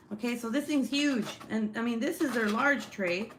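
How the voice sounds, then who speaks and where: A woman's voice: fairly high pitch, normal speed, a bit bright. A young woman hosts a loose, chatty true crime livestream from her home desk. She swears freely and reads viewer comments aloud in an offhand way. A faint hiss sits under her voice. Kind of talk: casual livestream chat. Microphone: desk setup, phone or webcam.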